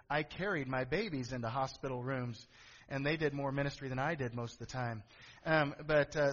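A man's voice: on the high side, fairly bright tone. A middle-aged male pastor preaching a sermon, telling a story with asides to the congregation and building to emphatic calls. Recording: echoey hall, dull lo-fi sound.

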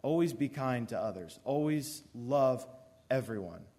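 A man's voice: mid-range voice, lively intonation, measured pace, mellow. A young man earnestly telling a personal story from summer camp to an audience. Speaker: youth speaker.

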